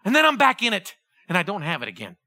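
Impassioned high-voiced male preacher. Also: wildly swooping pitch, fast. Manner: impassioned, swinging from loud exclamations to quiet earnest tones. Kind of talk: sermon.

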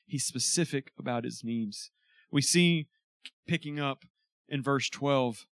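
A pastor preaches in a loose, conversational way, breaking into emphatic bursts. His voice sits a little high for a man. The sound is dry and close, with no room echo. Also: a bit bright. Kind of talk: sermon.

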